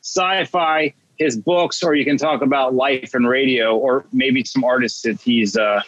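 A man's voice: medium pitch, fairly even intonation, a little slow, a bit bright, dry recording. A man hosting an interview, asking questions in a casual, conversational way. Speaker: podcast host. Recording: dull dry lo-fi sound.

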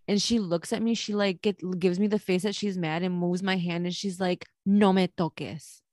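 A woman's voice: on the low side, steady tone, brisk, darkish tone, no echo. A young woman co-hosting a podcast in casual chat, candid and laughing, swearing freely and slipping into Spanish phrases. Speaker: podcast co-host.

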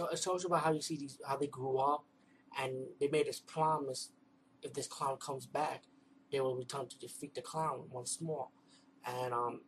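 A man's voice: medium pitch, slight background noise, low-quality recording. A man casually reviewing a movie at home, rambling with many fillers, restarts and stumbles. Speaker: video reviewer.

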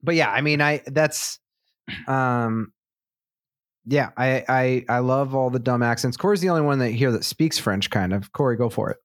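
A man's voice: medium pitch, moderate pace, no room sound, studio quality. A man co-hosting a podcast in casual chat, rambling with jokey asides and frequent laughs. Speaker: podcast co-host.

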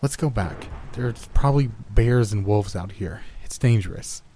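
A man's voice: fairly low pitch, normal speed, warm tone, a little hiss or hum, close to an everyday voice. A man voicing a skeptical, easily frightened young woman in a horror story. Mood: bickering.

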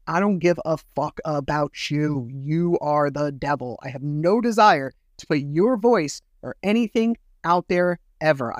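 A man's voice: a little high, no room sound, clean studio sound. Bitter, swearing man telling his story. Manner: bitter, profane, rambling with many fillers. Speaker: podcast host. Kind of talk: casual solo storytelling.

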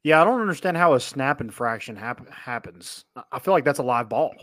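A man's voice: mid-range voice, animated, brisk, fairly bright tone, no room sound. A man co-hosting a casual sports podcast, agreeing and talking things through with many fillers. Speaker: podcast co-host.

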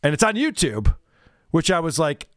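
A man co-hosting a comedy podcast, high-voiced and sarcastic. He mocks what he watches with big swoops in pitch. The sound is dry and close to the mic. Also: very animated, normal speed, no room sound. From Germany. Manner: sarcastic, mocking, laughs often. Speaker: podcast co-host. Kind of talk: casual comedy chat.

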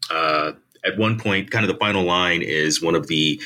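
Deep bright-voiced male academic. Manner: measured, articulate explaining. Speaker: author and political science professor. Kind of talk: academic interview answers.

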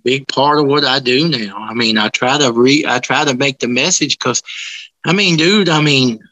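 A man telling ghost stories in an interview, rambling and restarting his sentences, animated as he tells them. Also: medium pitch, moderate pace, dry recording, low-quality recording. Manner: rambling, with many restarts and colloquial grammar. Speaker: interviewee, paranormal investigator. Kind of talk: casual storytelling interview.

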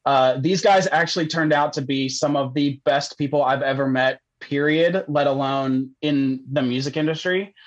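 A man's voice: medium pitch, moderate pace, hardly any pauses, dry recording, highs cut off. A young man telling a story as a podcast guest, casual and rambling, laughing often and saying "like" a lot.

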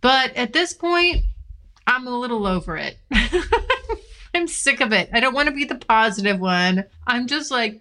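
A woman's voice: a little high, lively intonation, normal speed, bright, forceful tone. Frank, profane woman podcast host. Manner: frank and profane, venting with laughs. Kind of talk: candid solo podcast rant. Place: California. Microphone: filmed while recording.

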